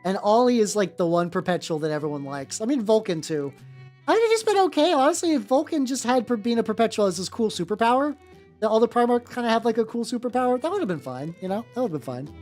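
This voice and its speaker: A woman streamer chatting casually as she paints miniatures, rambling and blunt, full of fillers and swearing, pausing to greet her chat viewers. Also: fairly high pitch, big pitch swings, a little mellow. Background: faint background music.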